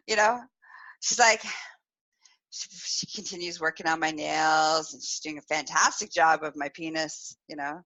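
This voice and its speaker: A woman with a deep voice and moderate pace hosts a live podcast. In this live-streamed storytelling chat she's animated, laughing often and acting out the voices she quotes.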